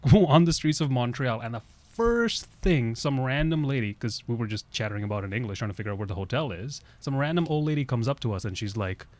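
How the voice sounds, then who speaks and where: A man's voice: medium pitch, expressive, fairly quick, darkish tone. A man who grew up in Russia, hosting a podcast in a loose, conversational way. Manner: conversational, loose, many "you know" fillers. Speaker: podcast host. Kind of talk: casual podcast chat.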